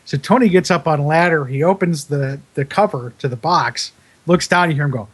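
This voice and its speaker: A man with a somewhat high voice tells a story in a casual, rambling way. He fills his talk with fillers and restarts and laughs at his own tale as he goes. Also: fairly quick, husky. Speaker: broadcast engineer guest.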